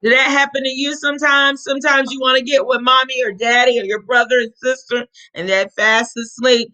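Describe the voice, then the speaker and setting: Bright-voiced woman reading a kids' story. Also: high-pitched, brisk, rough recording. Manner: animated, asks young listeners questions. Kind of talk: children's storybook read-aloud.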